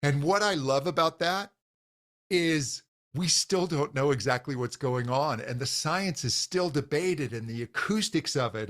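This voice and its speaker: A man's voice: medium pitch, fairly bright tone. A male vocal coach talking enthusiastically in an interview over a video call, often restarting sentences with "um" and "just". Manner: enthusiastic, frequent fillers and restarts. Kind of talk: conversational interview.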